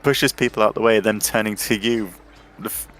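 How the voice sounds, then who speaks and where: A man narrating as dungeon master, measured with frequent ums. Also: on the low side, fairly even intonation, fairly bright tone. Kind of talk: tabletop game narration.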